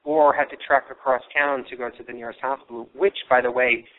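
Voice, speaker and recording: A man's voice: medium pitch, steady tone, fairly quick. A man hosting a live paranormal investigation broadcast, telling local history in a rambling way with many fillers, his voice a little worn. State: losing his voice. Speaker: paranormal radio show host. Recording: tinny phone-line sound.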